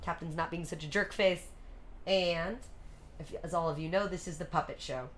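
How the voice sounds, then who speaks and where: A woman's voice: fairly low pitch, steady tone, moderate pace. A woman livestreaming, chatting casually and playfully with her viewers between songs. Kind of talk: casual stream chat. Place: home streaming setup. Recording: music playing under the voice.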